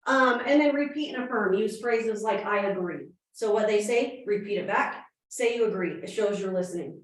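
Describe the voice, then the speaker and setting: A woman in her thirties giving a lively real estate training talk to a room, asking questions as she goes. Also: medium pitch. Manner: fast-talking, energetic, asks the room questions. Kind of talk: live training presentation. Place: meeting room with audience. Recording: very echoey room, from a distance.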